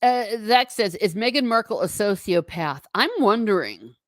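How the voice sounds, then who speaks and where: A woman's voice: mid-range voice, lively intonation, moderate pace, no room sound, studio quality. An American woman hosting a casual livestream, chatting and reading viewer comments aloud with frequent laughs. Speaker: livestream host reading chat. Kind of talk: casual chat.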